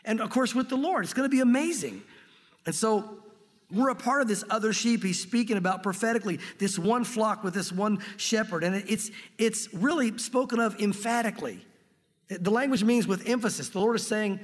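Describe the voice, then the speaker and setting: A man teaches from the Bible in an earnest, emphatic sermon, often restarting his phrases in his enthusiasm. His voice sits high for a man. A long reverb trails behind each phrase. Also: a little fast. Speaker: pastor.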